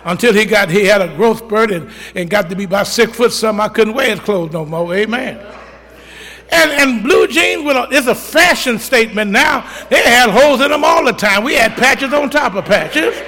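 A man's voice: high-pitched, expressive, moderate pace, bright, forceful tone, long reverb tail. Older man preaching with folksy amens. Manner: storytelling with call-outs of amen, folksy. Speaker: pastor. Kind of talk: sermon. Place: church sanctuary.

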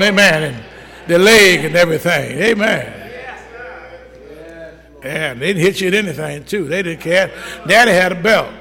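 A man's voice: fairly high pitch, expressive, normal speed, long pauses, sharp tone, big-room sound. A middle-aged man preaching a sermon, telling folksy stories and calling for amens from the congregation. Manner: storytelling, folksy, call-and-response. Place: church.

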